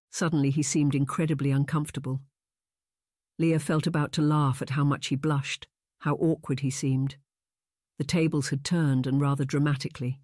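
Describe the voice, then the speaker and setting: A man reading a historical romance audiobook aloud in a calm, even storytelling manner. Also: medium pitch, normal speed, dry recording, studio quality. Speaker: audiobook narrator. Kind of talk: audiobook narration.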